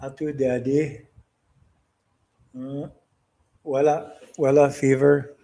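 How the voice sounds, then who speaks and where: A man filming a casual family vlog, patiently coaxing his child and repeating short phrases slowly so they can be copied. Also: mid-range voice, little pitch movement, vocal fry, mellow. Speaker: father and vlog host.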